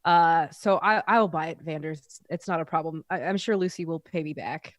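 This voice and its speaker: A woman's voice: sits low, normal speed, dry recording, studio quality. A woman playing in a tabletop game, speaking in a hesitant, stammering way. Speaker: player. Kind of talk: tabletop role-play chat.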